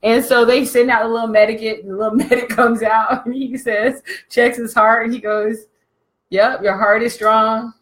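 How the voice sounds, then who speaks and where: A woman business coach telling a comic story in a slangy, animated way, laughing often. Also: on the high side, normal speed, hardly any pauses.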